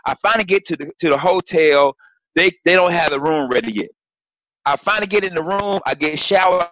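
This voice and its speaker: A man who works as a stand-up comedian, telling a story in casual chat with lively acted-out quotes and frequent swearing, on a home video call. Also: a little high, a little fast, no echo, low-quality recording. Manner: animated storyteller, swears freely, acts out quotes.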